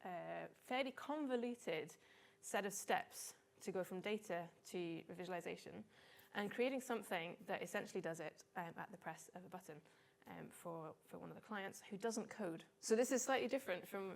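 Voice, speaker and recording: A woman's voice: lowish voice, a little fast, gravelly. A woman in her forties, a data visualization consultant, giving a chatty, self-deprecating conference talk with frequent "um" fillers.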